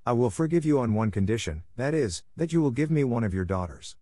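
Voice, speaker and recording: A man reading the part of a frightful, angry male beast in a storybook audiobook, with stern, measured delivery. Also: mid-range voice, lively intonation, mellow, no echo, clean studio sound, lightly acted.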